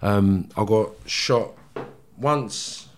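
A man, a guest telling blunt, animated stories in a casual interview and swearing freely. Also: on the low side, very slow, slight background noise.

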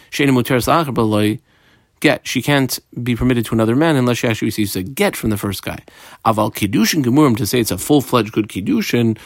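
A man's voice: mid-range voice, no room sound, studio quality. A man giving a Talmud lesson who reads the Aramaic text aloud and translates it phrase by phrase, adding explanations with frequent fillers. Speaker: Talmud teacher.

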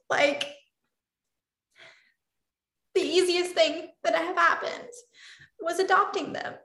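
A woman's voice: very high-pitched, steady tone, measured pace, pushed and bright. A woman telling a personal story in an interview, earnest and openly emotional. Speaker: interview guest. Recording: roomy echo.

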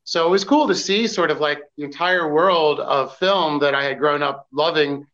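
A man's voice: on the high side, a bit bright, muffled recording. A man who used to work as a paparazzi photographer, telling stories in a casual podcast chat and stumbling through lots of fillers and restarts. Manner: halting, many fillers and restarts. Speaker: former paparazzi photographer guest.

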